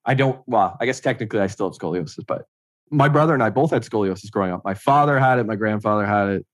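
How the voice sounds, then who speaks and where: A man's voice: lowish voice, fast talker, no echo. A man, a guest telling personal stories in a casual way, often acting out what others said. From Ontario, Canada. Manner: conversational, acts out others' lines, frequent "like". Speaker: interview guest.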